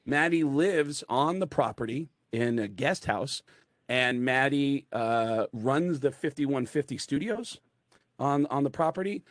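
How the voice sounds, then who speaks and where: A man's voice: mid-range voice, a little slow, no room sound, studio quality. A man, a comedian, telling a rambling comic anecdote over a video call. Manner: rambling, animated, full of fillers. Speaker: comedian guest.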